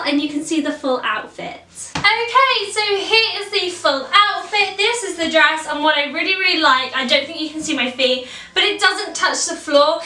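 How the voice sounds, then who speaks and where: A woman's voice: high-pitched, pushed and bright. A young woman, chatting casually through a costume tutorial and repeating words for emphasis. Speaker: children's party princess performer. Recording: roomy echo, mic at a distance.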